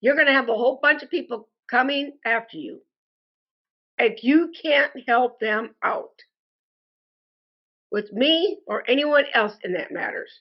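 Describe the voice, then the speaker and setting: Slow-talking, high-voiced angry woman. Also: highs cut off. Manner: slow, deliberate and indignant, addresses viewers as "folks". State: frustrated and angry. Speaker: customer posting a complaint review. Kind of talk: angry complaint monologue.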